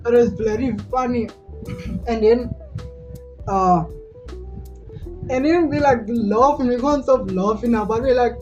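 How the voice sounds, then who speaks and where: A woman's voice: fairly high pitch, moderate pace, darkish tone. Chatty woman, lo-fi. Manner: rambling, laughing often, many "like" fillers. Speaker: vlogger. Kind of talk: casual storytime chat. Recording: dull lo-fi with faint music. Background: faint music.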